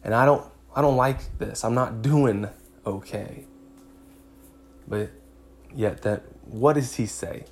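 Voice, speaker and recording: A man's voice: medium pitch, takes it slowly, vocal fry, long pauses. A man hosting a faith podcast, preaching in an emphatic way, repeating phrases and chuckling as he goes. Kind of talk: sermon-style podcast talk.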